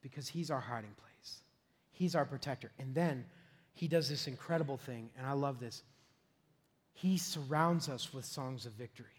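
A middle-aged man, preaching a sermon as pastor, telling a lively, self-deprecating story with frequent laughs and shouted peaks. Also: medium pitch, moderate pace.

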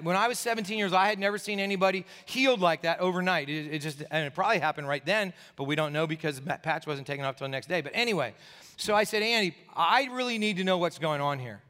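Man, pastor, sleepless and tired, animated storyteller, forceful bright tone, long church reverb. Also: sits high. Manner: animated, acts out the people in his story. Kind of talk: sermon storytelling. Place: church sanctuary. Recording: echoey church hall.

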